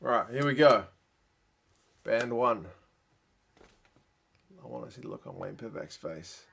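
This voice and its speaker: A man's voice: medium pitch, expressive, a little slow, vocal fry, a bit bright, slightly rough. A man giving live reaction commentary, thinking aloud with gasps and exclamations, tired late at night. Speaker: rugby channel host.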